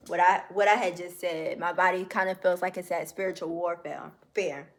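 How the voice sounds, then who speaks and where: A woman's voice: fairly low pitch, fairly even intonation. A young woman talking in a personal video journal, reflective and heartfelt, chatting casually to her viewers with many fillers. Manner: slow, reflective and heartfelt, addresses viewers as y'all.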